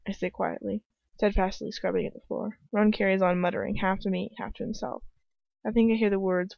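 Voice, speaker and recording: A woman's voice: mid-range voice, steady tone, fairly quick, gravelly, no echo. A woman reading a fan fiction story aloud in the first person, stopping now and then to comment, in a dull, dry home recording. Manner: breaks off to laugh and comment on the text. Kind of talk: reading aloud with casual asides.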